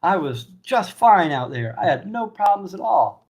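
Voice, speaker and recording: A man's voice: high-pitched, very animated, measured pace, pitched above the performer's own voice, full character voice. A man voicing Wallace, a boastful young man exaggerating his own bravery.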